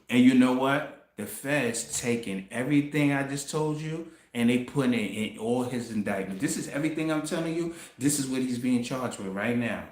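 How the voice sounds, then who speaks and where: A man hosting a casual commentary monologue, telling a story in an animated way, laughing and swearing as he goes. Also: mid-range voice, moderate pace, roomy sound. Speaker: commentary host.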